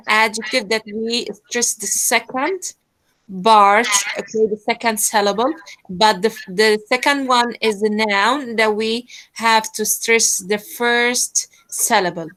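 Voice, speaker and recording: A woman's voice: on the high side, a bit bright, rough recording. A woman teacher leads an online pronunciation lesson, hesitant and full of fillers. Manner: hesitant, many fillers, switches into Arabic to explain.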